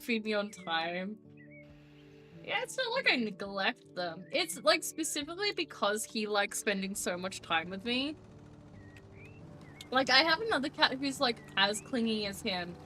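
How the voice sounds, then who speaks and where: A woman's voice: fairly high pitch, pushed and bright. A young woman streamer chatting casually and rambling to her viewers, now and then cooing to her cat. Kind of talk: casual live-stream chat.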